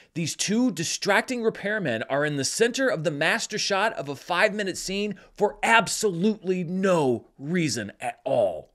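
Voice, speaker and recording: Brief: man reviewing a film, sarcastic and incredulous, fairly high lively voice. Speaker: film critic.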